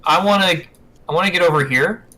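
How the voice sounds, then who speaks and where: A man playing a tabletop game, eager, with quick asides. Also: high-pitched, sharp tone. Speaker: player. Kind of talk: casual tabletop game play.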